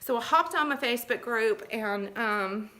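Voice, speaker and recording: Bright, chatty woman vlogger. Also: a little high, normal speed. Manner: chatty, reassuring, full of fillers and asides. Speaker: vlogger giving shopper tips. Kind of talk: casual instructional vlog.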